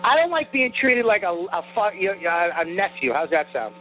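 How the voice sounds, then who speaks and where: A man with a high voice and a New York accent rants in a heated, profane way on a comedy podcast. The sound is thin and tinny, like a phone line. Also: very animated, a little fast, slight background noise. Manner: profane, heated, self-described sensitive. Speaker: podcast co-host. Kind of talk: ranting comedy banter.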